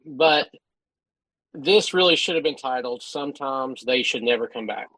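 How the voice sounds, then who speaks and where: A man's voice: medium pitch, a little slow, fairly bright tone, dry recording, low-quality recording. A man co-hosting a casual film-review chat, giving blunt verdicts between hesitant fillers. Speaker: podcast co-host.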